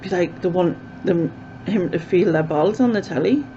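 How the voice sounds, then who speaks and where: A woman's voice: fairly low pitch, normal speed, warm tone, a little hiss or hum. A woman chatting casually as a vlogger, rambling with lots of fillers, recorded with dull, lo-fi sound. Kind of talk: casual chat to camera.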